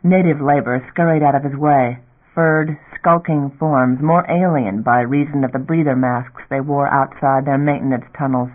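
A man's voice: mid-range voice, fairly even intonation, normal speed. Man narrating a novel, tinny sound. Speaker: audiobook narrator. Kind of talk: scripted narration. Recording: tinny phone-like audio.

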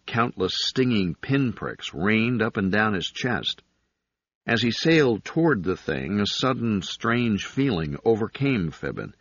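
Slow, husky male audiobook narrator. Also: on the low side, no room sound. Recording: dull, dry lo-fi recording.

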